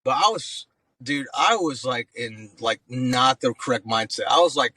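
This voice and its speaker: A man's voice: mid-range voice, normal speed, breathy edge, no room sound, poor audio. A man in his thirties, an active-duty Marine guest, telling stories in a loose, profane way on a podcast and calling everyone "bro.". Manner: slangy, profane, says "bro" often; animated storyteller acting out voices. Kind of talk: casual podcast storytelling.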